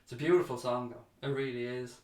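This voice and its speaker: A man's voice: mid-range voice, fairly even intonation, fairly quick, darkish tone, echoey room. A man hosting a casual fan chat livestream, reading out viewer comments and chatting back to them, calling people mate.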